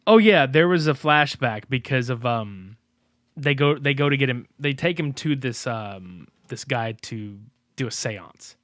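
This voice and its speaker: Profane laughing podcast co-host. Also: male voice, mid-range voice, animated, a little slow, fairly bright tone, no room sound, clean studio sound. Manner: profane, laughing, acts out characters' lines. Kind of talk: casual movie recap chat. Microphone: desk microphone.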